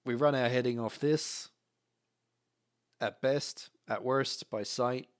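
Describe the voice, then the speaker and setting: A man voicing a pair of gruff, amused male sailor twins who speak in a laconic, teasing way. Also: medium pitch, steady tone, slow, lightly acted. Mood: instructive.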